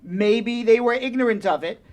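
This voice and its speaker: A man's voice: extremely high pitch, moderate pace, a little mellow. A man co-hosting a live radio advice show as an immigration lawyer, talking bluntly and with emphasis, often away from his studio mic. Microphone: studio mic, often spoken away from.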